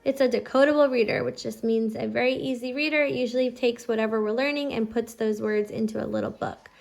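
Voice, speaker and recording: A patient mother talks through a reading lesson at home in a fairly high voice. She stretches out each letter sound slowly for her child. She explains every step plainly. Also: steady tone, creaky. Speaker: homeschooling parent teaching phonics. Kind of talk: instructional explanation to camera.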